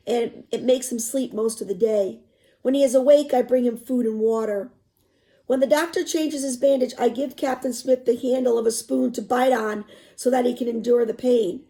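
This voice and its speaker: A woman reading a novel aloud, pausing to explain passages in softer asides. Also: on the high side, low-quality recording.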